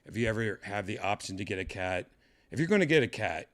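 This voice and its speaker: A man with a fairly low, animated voice talks at a quick pace. He hosts a casual home vlog, rambling in a laid-back way as he shows off his cats in a room of his house.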